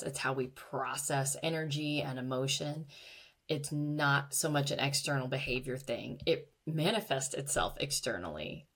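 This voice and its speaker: Low-voiced woman podcast host. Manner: candid, reflective, laughs at herself. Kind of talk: personal monologue podcast.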